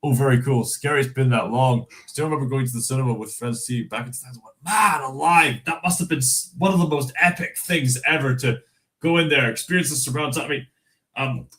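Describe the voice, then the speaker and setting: A man's voice: medium pitch, fairly even intonation, fast talker, fairly bright tone, rough recording. Chatty Scottish man on a livestream. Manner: chatty, chuckles often, many fillers and restarts. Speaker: livestream host. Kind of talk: casual livestream chat, reading news aloud.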